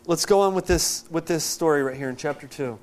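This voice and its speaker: A man preaching a sermon, explaining scripture in a conversational, animated way and acting out quotes. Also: on the high side, fairly quick. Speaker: pastor.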